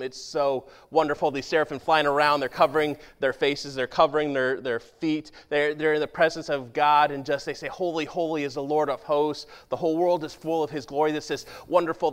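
A man preaching a sermon as pastor, talking conversationally and asking his congregation questions, dropping to a hushed voice for quoted prayers and scripture. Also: fairly high pitch. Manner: drops to a hushed voice when quoting prayers and scripture.

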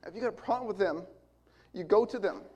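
Male preacher, forties, slightly high voice, earnest and emphatic, repeats lines for weight. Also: fast, dark tone, muffled recording. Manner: earnest, emphatic, building repetition. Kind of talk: sermon.

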